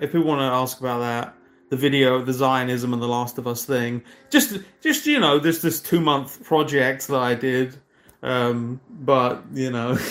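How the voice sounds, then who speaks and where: This thirty-one-year-old British streamer has a medium-pitched, somewhat bright voice. He chats casually on a livestream, rambling and poking fun at himself, with lots of fillers and false starts.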